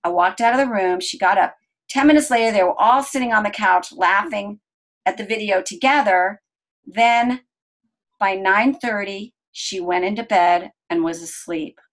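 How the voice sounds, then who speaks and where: Casting: middle-aged woman, earnest storyteller, mid pitch, gentle and unhurried on key beats. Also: low-quality recording. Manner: earnest, gentle, slows down to stress calm moments. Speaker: interview guest. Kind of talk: personal storytelling.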